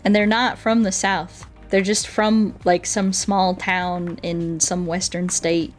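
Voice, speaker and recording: A woman's voice: lowish voice, little pitch movement, takes it slowly. A woman from the United States with an American accent, chatting casually and playfully while streaming a game. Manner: chatty, playful, laughs often, talks to chat and animals. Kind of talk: casual gaming chat. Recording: faint music behind.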